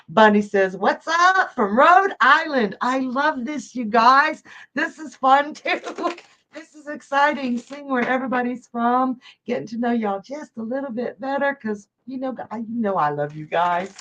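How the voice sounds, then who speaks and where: With a mid-range, somewhat bright voice, this woman from Georgia hosts a live psychic stream, casually reading comments and chatting warmly with viewers amid frequent laughter. The audio has its highs cut off.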